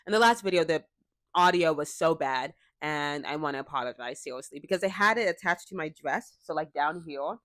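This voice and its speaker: Young woman, podcast host, lowish voice, rambling casual chat in a dead room. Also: expressive, fairly quick, a bit bright, no room sound. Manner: chatty, self-deprecating, swears casually. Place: bedroom at home. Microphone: cheap clip-on microphone.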